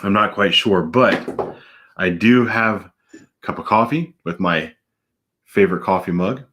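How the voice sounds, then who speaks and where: A man in his thirties, a police officer who also vlogs, chats casually at home while eating donuts with his mouth full for an eating-challenge vlog. His voice is low and unhurried with a slightly bright edge, and there's a little background noise.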